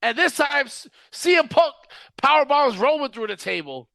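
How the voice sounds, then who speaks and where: A man's voice: extremely high pitch, animated, moderate pace, vocal fry, pushed and bright, no echo, studio quality. A man hosting a casual wrestling podcast, ranting in an exasperated tone and laughing often. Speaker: podcast host.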